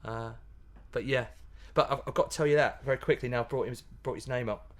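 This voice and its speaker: A man, a pantomime comedian chatting as a guest in a casual interview, animated and laughing, often restarting his sentences. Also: medium pitch, brisk. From Yorkshire, England.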